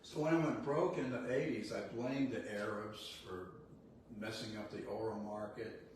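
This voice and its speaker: A man's voice: on the low side, fairly even intonation, moderate pace, a little mellow. An older man giving a blunt, folksy motivational talk, laughing often as he tells stories. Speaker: real estate CEO giving a talk. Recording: echoey room, distant mic, faint noise.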